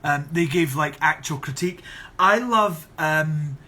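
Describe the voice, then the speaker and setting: His voice is on the high side, pushed and bright, and he takes an unhurried pace. This young Scottish drag performer, on a casual live stream, reads viewer questions aloud and answers with chatty sarcasm.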